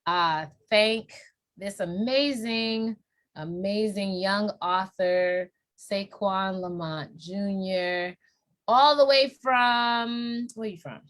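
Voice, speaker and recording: Her voice is mid-range and very slow as she hosts a casual live-stream interview. The host is a woman from New York with a New York accent, encouraging her guest with playful, lively energy.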